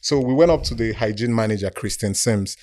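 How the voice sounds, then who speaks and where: A man from Nigeria with a Nigerian accent, a podcast guest who tells a story in a casual, animated way and acts out the people he quotes. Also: lowish voice, brisk.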